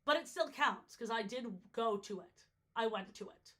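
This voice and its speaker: A woman's voice: fairly high pitch, animated, moderate pace, few pauses, bright, forceful tone. A young woman from New York chatting casually on a livestream, jokey and easily sidetracked, her voice a little worn out. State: slightly worn-out voice. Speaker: streamer ranking water parks.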